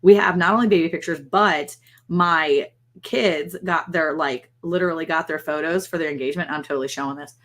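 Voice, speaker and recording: Middle-aged woman, livestream host. Slightly low voice, chatty and gushing, animated storyteller. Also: a little fast. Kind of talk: casual livestream chat.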